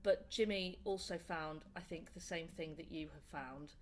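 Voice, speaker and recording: A young woman with a Northern English accent, a comedian chatting in a casual interview and telling animated, laughing stories. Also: on the low side, moderate pace, slight background noise. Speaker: comedian guest. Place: indoor room.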